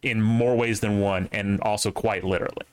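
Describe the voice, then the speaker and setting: A man's voice: on the low side, fairly even intonation, normal speed, smooth, dry recording. A young man hosting a podcast in casual chat, rambling with restarts and asides. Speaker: podcast host.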